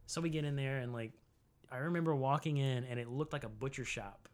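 A man in his forties from Tennessee tells a story on a podcast in relaxed, rambling chat. He fills his sentences with "like" and now and then acts out quotes in a sudden high voice. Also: fairly quick. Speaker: podcast co-host.

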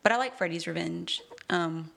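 A woman's voice: on the low side, normal speed, gravelly, fairly bright tone. A woman co-hosting a podcast, chatting casually and enthusiastically, often trailing off mid-sentence. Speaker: podcast co-host. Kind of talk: casual chat.

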